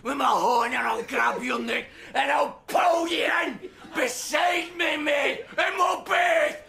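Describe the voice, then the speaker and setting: Enraged Scottish sketch guy, yelling, bright tense tone. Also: extremely high pitch, fairly even intonation, slow pace, vocal fry, some chatter behind, heavily acted. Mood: raging. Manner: yelling, ranting. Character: furious Scottish bloke ranting about cremation. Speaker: comedy sketch character.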